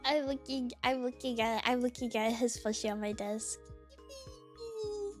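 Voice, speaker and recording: A woman's voice: a little high, steady tone, normal speed, faint music behind. A woman streamer chatting casually at her desk in a bubbly way, full of fillers, greeting viewers one by one. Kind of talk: casual live-stream chat. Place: home desk.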